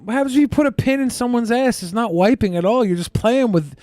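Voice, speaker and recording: A man's voice: extremely high pitch, quick pace, a little hiss or hum. A man co-hosting a casual podcast, cracking playful jokes. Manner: playful, animated joking. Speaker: podcast co-host.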